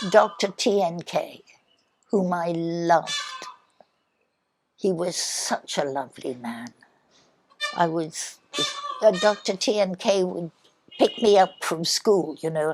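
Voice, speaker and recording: An older woman telling childhood stories in an interview, speaking softly and sometimes dropping to a near whisper. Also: on the low side, noisy background. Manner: soft, unhurried, drops to a near whisper. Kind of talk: reminiscing storytelling.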